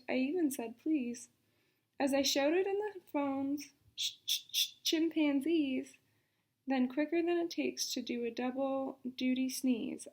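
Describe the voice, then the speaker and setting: A woman reading a picture book aloud for children's story time in an expressive, dramatic manner. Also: sits high.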